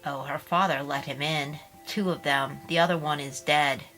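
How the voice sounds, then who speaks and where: A woman's voice: deep voice, fairly even intonation, moderate pace, fairly bright tone, soft background music, poor audio. A woman voicing a sour, disapproving older woman who scolds with scorn. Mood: scornful.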